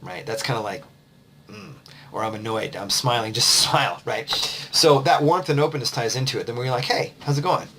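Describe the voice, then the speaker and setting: Tired coach, casual and rambling. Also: male voice, medium pitch, brisk, sharp tone, slight background noise. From United States. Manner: conversational, loose, with fillers and restarts. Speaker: confidence coach. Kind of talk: casual advice vlog.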